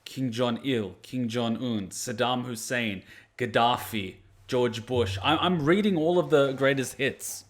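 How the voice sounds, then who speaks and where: A man's voice: mid-range voice, unhurried. A man hosting an anime reaction video, joking and blunt, swearing freely as he comments.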